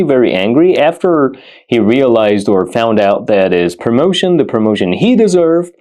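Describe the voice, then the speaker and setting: A man teaching an English vocabulary lesson, repeating each example phrase slowly and deliberately. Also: mid-range voice, darkish tone.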